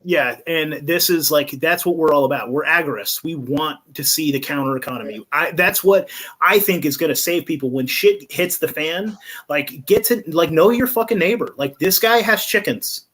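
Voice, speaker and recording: A man's voice: on the high side, moderate pace, fairly bright tone. A young man hosting a casual podcast, ranting with constant swearing and frequent laughter. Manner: profane, ranting, laughs often.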